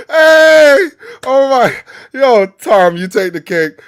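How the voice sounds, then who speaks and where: Animated streamer man, slow drawl. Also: very high-pitched, clear, resonant tone. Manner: laughing, incredulous, exclaiming. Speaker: streamer reacting to video. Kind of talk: live reaction commentary.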